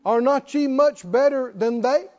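A preacher with a very high, unhurried voice delivers a sermon full of rhetorical questions and jokes, urging the congregation to answer him. It comes through as a dull lo-fi recording.

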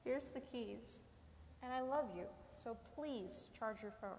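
A woman's voice: on the high side, unhurried, creaky, a little mellow, a little hiss or hum. A woman playing a firm mother questioning her teenage son about breaking curfew, in a church skit. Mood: calmer, firm. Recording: lo-fi, echoey hall.

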